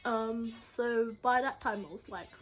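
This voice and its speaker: A young woman, telling a story in a casual, slangy and animated way, acting out what people said. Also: on the high side, measured pace, faint music behind. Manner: animated, acts out quotes with loud bursts and laughter; slangy, repetitive phrasing. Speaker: vlogger.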